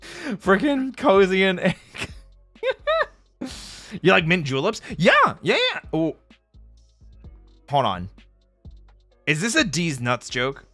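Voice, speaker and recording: A man streaming casually, chatting with viewers in an animated, jokey way and laughing often. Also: sits high, slow pace, pauses often, no room sound. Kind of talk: casual live-stream chat answering viewers. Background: faint background music.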